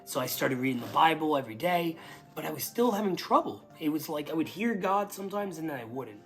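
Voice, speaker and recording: A young man giving a casual spoken testimony, rambling with lots of "like" and restarts, and bursting into excitement as he relives moments. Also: a little high, brisk, faint music behind. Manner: rambling storytelling full of "like" and restarts.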